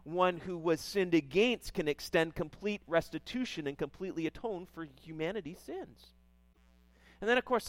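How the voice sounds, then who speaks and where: A middle-aged man preaching in a relaxed, talky way, his voice sitting a little higher than most men's. He keeps checking in with his listeners and doubles back on his words. The sound is dry and close, with no room around it. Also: dry recording. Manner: conversational preaching, frequent "right?" and repeated words. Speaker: pastor. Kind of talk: sermon.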